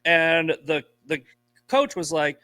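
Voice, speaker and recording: A man's voice: fairly high pitch, animated, takes it slowly, bright, forceful tone, no echo. A man from Boston, a podcast guest, telling stories in blunt, profane casual chat. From Boston, USA.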